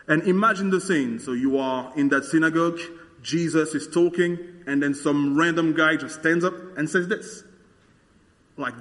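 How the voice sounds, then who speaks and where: A man walks through a Bible passage in a relaxed, conversational way, with frequent "like" and "uh" fillers. His voice sits a little high for a man. The recording has a long reverberant tail. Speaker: Bible teacher. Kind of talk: explaining scripture verse by verse.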